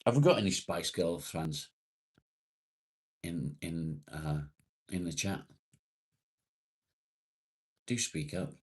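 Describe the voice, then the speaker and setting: Deep-voiced swearing English man chatting live. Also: expressive, takes it slowly, pauses often, husky. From England. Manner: blunt, swears freely, chatty. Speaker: livestream host. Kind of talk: casual live chat reading comments.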